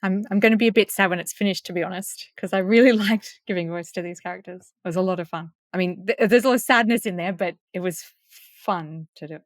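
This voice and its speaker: A woman with a lowish voice chats casually in an interview about her work as an audiobook narrator. She tells anecdotes in a chatty way, with lively swings in her delivery. The sound is close and dry, with no room in it. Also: fast talker, no echo.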